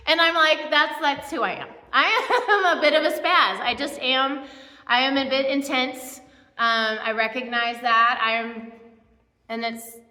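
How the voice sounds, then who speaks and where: A woman's voice: high-pitched, pushed and bright. A woman pastor giving a casual, conversational sermon, chatty and self-deprecating with many asides. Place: church. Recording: echoey church hall with long reverb.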